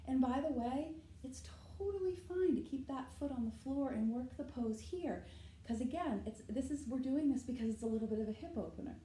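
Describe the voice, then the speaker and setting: A woman's voice: high-pitched, animated, a little fast, dark tone, echoey room, a little hiss or hum, rough recording. A woman leading a yoga class, talking while she demonstrates the poses and often checking in with "right?". She sounds slightly out of breath from moving. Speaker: yoga instructor. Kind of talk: guided yoga class instruction.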